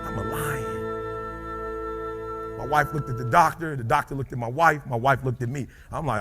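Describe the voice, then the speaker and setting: A man in his forties giving a motivational speech, moving from hushed storytelling to shouting and calling on the audience to join in. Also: medium pitch, normal speed, pauses often. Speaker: motivational speaker. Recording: loud music bed under voice. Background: loud background music.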